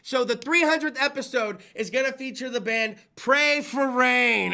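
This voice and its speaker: A man's voice: normal speed, pushed and bright. A man hosting a small-studio talk show, rambling in hyped, profane banter. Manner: rambling, hyped, swears freely, slips into goofy low voices. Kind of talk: loose, profane live call-in show banter.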